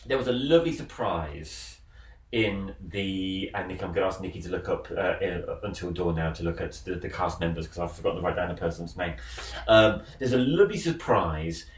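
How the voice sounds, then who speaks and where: Retelling a film's plot on his podcast, a male host rambles, repeats words and keeps restarting. He speaks a little fast in a deep, animated voice, picked up by a distant mic in a roomy space with faint noise.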